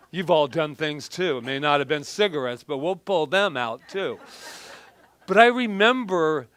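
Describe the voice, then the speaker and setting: A man's voice: on the high side, animated, unhurried, a bit bright. A middle-aged man preaching a casual, conversational sermon, telling personal stories in a chatty, self-deprecating way with frequent restarts. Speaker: minister.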